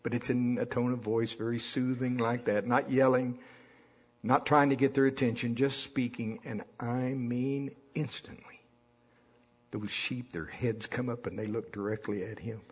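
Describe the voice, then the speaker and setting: A man's voice: mid-range voice, flat delivery, moderate pace, slightly rough. A man preaching a sermon in a folksy storytelling way, having the congregation repeat lines after him. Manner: folksy storytelling with call-and-response.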